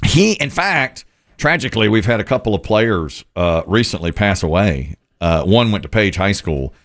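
Brief: middle-aged man, gravelly low voice, very lively pitch, dry close sound, animated storyteller. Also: moderate pace, no echo. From North Carolina. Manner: animated, acts out quotes of others. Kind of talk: casual storytelling chat.

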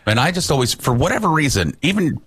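A man's voice: a little high, quick pace, breathy edge. A man in casual chat, telling an anecdote and laughing along with it. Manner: anecdotal storyteller, lively, laughs at his own tales.

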